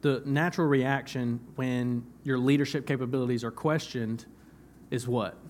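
A man's voice: mid-range voice, steady tone, moderate pace, darkish tone, a little hiss or hum. A young man preaching a sermon in church, talking conversationally, repeating phrases for emphasis and laughing at himself now and then. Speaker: pastor.

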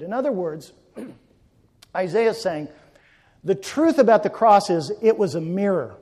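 A male pastor preaching a sermon, swinging between forceful emphatic peaks and quiet hushed passages. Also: sits high, lively intonation, a little slow, long pauses. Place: church sanctuary. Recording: long church reverb.

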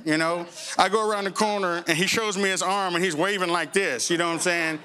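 High, bright-voiced storytelling preacher. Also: male voice, a little fast. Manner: animated, conversational, preaching. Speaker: pastor. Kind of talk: sermon with humorous storytelling.

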